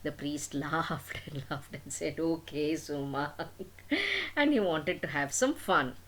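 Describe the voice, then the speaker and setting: An older woman telling a story to children, with a fairly low voice. Her pitch is very lively, rising and falling as she plays up the drama. She sounds like a grandmother reading aloud. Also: slow, husky. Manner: animated, dramatic.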